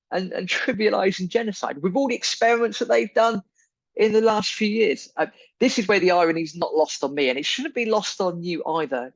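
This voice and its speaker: A man's voice: sits high, no echo. Man, podcast host, indignant and emphatic, dry dull lo-fi sound. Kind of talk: opinion monologue.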